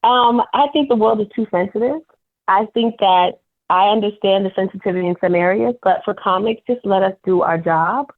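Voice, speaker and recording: A woman comedian calling in as a guest, candidly telling animated stories about her work. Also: mid-range voice, moderate pace. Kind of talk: phone interview storytelling. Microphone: telephone. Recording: tinny phone line.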